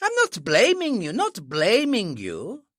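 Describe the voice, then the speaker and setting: Audiobook figure: narrator playing a stout, irritable old man, loud and spluttering, pushed up in pitch. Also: huge pitch swings, slow pace, dry recording, studio quality, full character voice. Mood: blustering. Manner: blustering, choking with rage. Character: heavy, blustering, hot-tempered old father.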